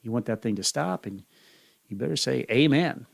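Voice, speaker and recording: A male radio host telling a joke in a casual, animated way. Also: mid-range voice, a little fast, gravelly, no echo, clean studio sound. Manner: animated storyteller.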